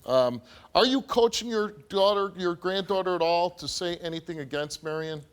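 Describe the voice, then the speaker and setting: A man's voice: high-pitched, moderate pace, clean tone. A man hosting a talk show, asking blunt clarifying questions of his guests.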